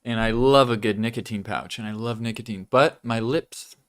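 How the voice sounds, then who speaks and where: A young man rambles easily through his weekly vlog update. His voice is smooth and resonant, sitting at an ordinary middle pitch. He talks loosely and casually, with the odd swear word, while chewing gum. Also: normal speed, a bit bright. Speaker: vlog host.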